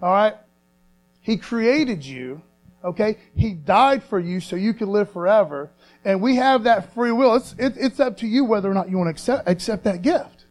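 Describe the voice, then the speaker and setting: A man preaching a sermon, repeating phrases slowly for emphasis and asking for amens. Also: lively intonation, a little mellow. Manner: call-and-response, asks congregation for affirmation. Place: church sanctuary. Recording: low mains hum.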